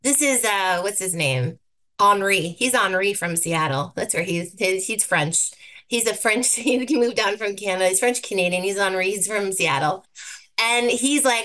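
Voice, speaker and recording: Bright, brisk woman teaching online. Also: medium pitch. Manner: brisk and upbeat, repeats key words for emphasis. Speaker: guest presenter teaching thumbnail design. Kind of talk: live webinar presentation with slides.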